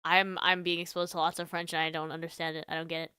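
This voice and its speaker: A woman streamer chatting casually on a livestream, giggly and animated, full of "like" fillers. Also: deep voice, fast, clear, resonant tone, dry recording, clean studio sound.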